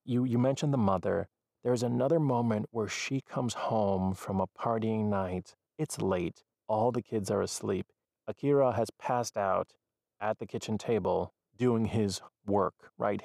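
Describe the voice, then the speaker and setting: A man's voice: on the low side, normal speed, creaky, no echo, clean studio sound. A man who is a parent, discussing a film casually and animatedly retelling scenes. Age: adult parent. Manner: animated retelling, acts out quoted lines.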